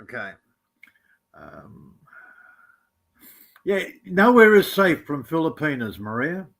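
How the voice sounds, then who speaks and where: Aussie guy with a high voice, rambling teasing stories on a live chat. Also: sing-song, takes it slowly, a bit bright. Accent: Australian. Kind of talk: casual storytelling chat.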